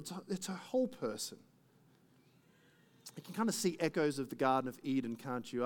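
A man's voice: fairly high pitch, a little mellow. A man preaching a sermon in a conversational way, full of asides and rhetorical questions. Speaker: pastor.

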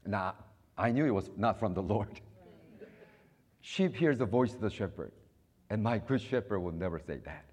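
A middle-aged man preaching a sermon, acting out prayers and dialogue, with sudden loud rises and soft low passages. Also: animated, a little slow, long pauses, husky. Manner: acts out prayers and voices in dialogue. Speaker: pastor.

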